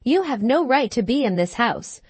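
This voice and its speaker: A woman's voice: sing-song, moderate pace, darkish tone, husky, no room sound. A woman voicing a haughty society widow who turns from icy politeness to jealous fury. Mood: furious. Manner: politely cold, then shrill and indignant.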